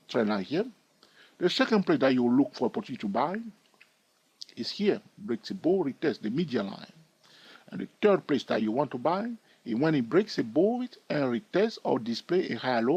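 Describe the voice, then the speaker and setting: A man's voice: medium pitch, darkish tone, breathy edge, no echo, highs cut off. A man teaching trading over a chart, explaining step by step and often checking in with "all right?". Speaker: trading educator.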